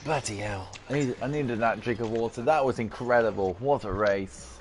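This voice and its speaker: A man with a sore throat giving excitable sim racing commentary as host. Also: mid-range voice, a little hiss or hum. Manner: excitable, quick to exclaim. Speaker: race commentator.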